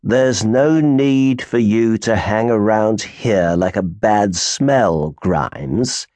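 A man's voice: mid-range voice, very animated, a little slow, a little mellow, no room sound. A man voicing a supercilious, sneering male naval officer in an audiobook. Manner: sneering, condescending.

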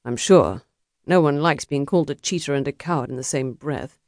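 A woman playing a brisk gentleman second. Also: sits low, dry recording, clean studio sound, natural voice. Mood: approving.

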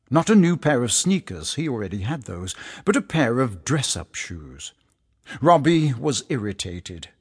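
Brief: male family-audiobook narrator, animated delivery, slightly husky tone. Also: mid-range voice, no room sound, studio quality. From England. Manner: lively, playful storytelling.

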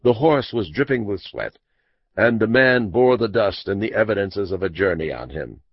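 A man narrating a classic mystery audiobook in a measured, expressive storytelling manner. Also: lowish voice, slightly rough, no room sound. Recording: dull dry lo-fi audiobook recording.

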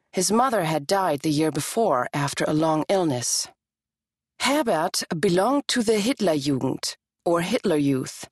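A woman reading a history audiobook in a measured, even scripted narration. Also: lowish voice, no echo, studio quality.

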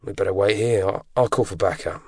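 A man playing a lazy, complacent veteran male officer who drawls slowly. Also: lowish voice, a little mellow, breathy edge, no room sound, studio quality. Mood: smug.

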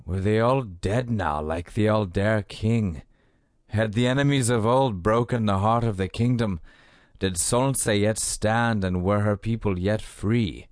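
A man narrating an audiobook in a measured storytelling manner. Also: lowish voice, no room sound, studio quality. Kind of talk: scripted narration.

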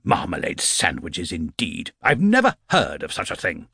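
A man's voice: low voice, wildly swooping pitch, normal speed, creaky, bright, forceful tone, breathy edge, dry recording, studio quality, exaggerated voice. A man doing a bellowing sarcastic schoolmaster. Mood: stern. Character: stern sarcastic middle-aged male schoolteacher.

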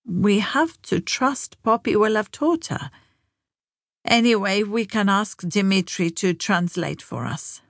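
A woman voicing a frail, blunt ninety-year-old grandmother who speaks flatly and deliberately. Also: medium pitch, no echo, clean studio sound. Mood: blunt, determined. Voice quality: flat, slow, deliberate.

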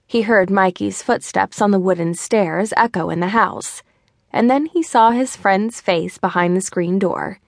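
A woman narrating a mystery novel with an even storytelling delivery. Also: mid-range voice, measured pace, creaky, no room sound, clean studio sound. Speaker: audiobook narrator. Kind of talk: scripted narration.

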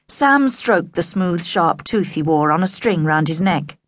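A woman narrating a children's audiobook in an expressive, animated way, recorded on a studio mic. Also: lowish voice, a little slow, hardly any pauses. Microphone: studio microphone.

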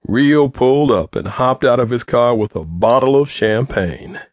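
A man's voice: medium pitch, expressive, moderate pace, no room sound. Male audiobook narrator, dry studio sound.

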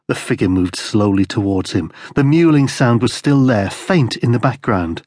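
A man reading a crime thriller audiobook as narrator, in steady, grim storytelling. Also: mid-range voice, moderate pace, hardly any pauses, no echo, studio quality. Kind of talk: scripted narration.

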